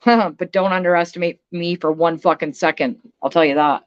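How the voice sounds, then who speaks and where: A woman's voice: lowish voice, normal speed, clear, resonant tone. Woman ranting on her stream, blunt, swears a lot, kinda muffled audio. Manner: blunt, profane, emphatic. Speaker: vlogger. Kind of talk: casual livestream rant.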